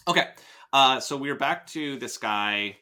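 An American man co-hosting a podcast, chatting and reading a story aloud in an animated way, often repeating himself. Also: medium pitch, a little slow. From United States. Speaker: podcast co-host. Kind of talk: casual chat and reading aloud.

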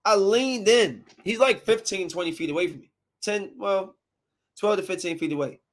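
A woman's voice: medium pitch, normal speed. A woman in her thirties tells a heated personal story straight to her viewers. Her delivery is a fiery, slang-filled rant, emphatic and blunt from start to finish. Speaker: parent telling a story.

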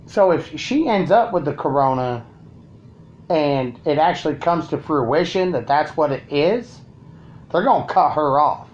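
A man's voice: a little high, animated, a little slow. Brash ranting man, lo-fi sound. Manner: crude, sarcastic, brash. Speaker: vlogger. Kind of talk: profane ranting monologue. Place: at home.

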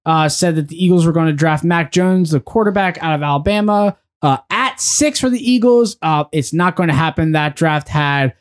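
A man's voice: on the high side, normal speed, few pauses, smooth. A man hosting a casual sports podcast, steering the talk from topic to topic with frequent fillers. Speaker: podcast host.

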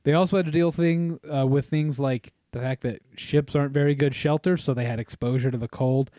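A man's voice: medium pitch, steady tone, a little fast, dark tone, no room sound. A man hosting a casual podcast, telling history with jokes, swearing and frequent laughter. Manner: joking, swears, laughs often. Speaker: podcast host.

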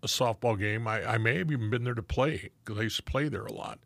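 An older man, a retired Los Angeles police officer appearing as a guest, trades street stories in a laid-back, casual chat, cursing freely and mimicking the voices of old friends. His voice sits at medium pitch with a fairly bright tone, he talks fast, and the recording has no room sound.

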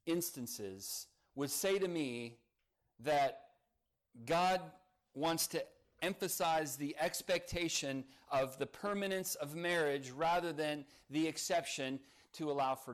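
A man preaching a morning sermon, earnest and emphatic, leaning on key words as he builds each point. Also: a little high. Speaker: pastor.

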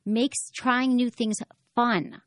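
A woman's voice: a little high, very slow, no echo. Frank, chatty woman hosting a sex-advice show. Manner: frank, chatty, animated, acts out voices. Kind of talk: casual radio-style chat.

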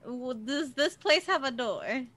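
A woman with a high, bright voice playing in a tabletop game. She jokes bluntly and swears freely. The sound is dry and close. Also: animated, slow, dry recording. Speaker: player. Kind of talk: casual tabletop game chat.

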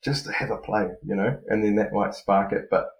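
Deep-voiced New man, echoey room. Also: a little fast, gravelly. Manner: relaxed, rambling, many fillers and restarts. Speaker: podcast co-host, freestyle motocross rider. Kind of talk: casual podcast chat. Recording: roomy echo.

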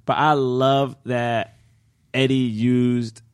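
A man's voice: mid-range voice, level tone, clean tone. A man co-hosting a podcast, chatting enthusiastically about a film and saying "yo" and "like" a lot. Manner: enthusiastic, quick, says "yo" and "like" often. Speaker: podcast co-host. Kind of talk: casual movie discussion.

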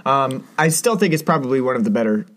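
A man's voice: medium pitch, expressive, quick pace, fairly bright tone. A man co-hosting a casual film review chat, rambling with many fillers and restarts. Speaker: podcast co-host reviewing a film.

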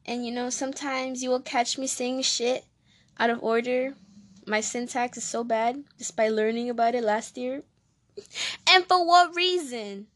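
A young woman with a New Jersey accent hosts her own comedy show in a high voice. She talks in a casual monologue, sassy and brash, with plenty of profanity. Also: fairly even intonation, measured pace, fairly bright tone. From Jersey City, New Jersey. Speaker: comedy podcast host.

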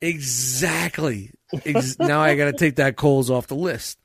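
A man's voice: a little high, a little slow, gravelly, a crowd in the background. A man telling a story in a casual podcast chat, swearing freely and often breaking into laughter. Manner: profane, animated, laughs often mid-story.

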